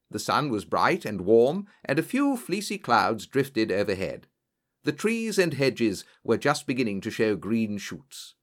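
Man narrating a story very expressively. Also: mid-range voice. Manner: expressive, voices characters in dialogue. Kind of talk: audiobook narration.

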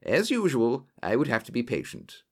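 A man narrates a story in a storytelling manner. His pitch swings widely from line to line, and he gives the people in it voices of their own. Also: normal speed, slightly rough. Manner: lively storytelling with varied character voices. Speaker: audiobook narrator. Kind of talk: scripted narration.

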